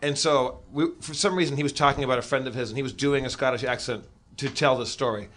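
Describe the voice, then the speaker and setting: A man's voice: mid-range voice, fast talker, fairly bright tone. A man hosting a comedy podcast, telling a story animatedly and acting out the voices of the people in it.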